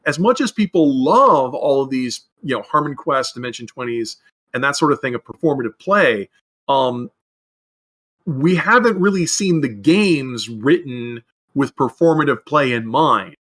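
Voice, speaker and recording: A man's voice: medium pitch, lively intonation, measured pace, fairly bright tone. A man co-hosting a podcast about game design, talking casually in long rambling runs with frequent restarts and fillers. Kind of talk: casual discussion.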